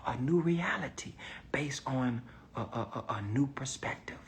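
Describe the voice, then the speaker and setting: A man's voice: medium pitch, animated, a little slow, slight background noise. A man talking casually to camera as an online business coach, reflective and emphatic, sometimes dropping to a near whisper. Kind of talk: casual motivational vlog talk.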